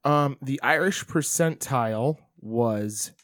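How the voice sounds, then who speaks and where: A man's voice: medium pitch, takes it slowly, fairly bright tone, no echo, clean studio sound. A man co-hosting a casual podcast chat, rambling a little and laughing between lines. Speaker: podcast co-host.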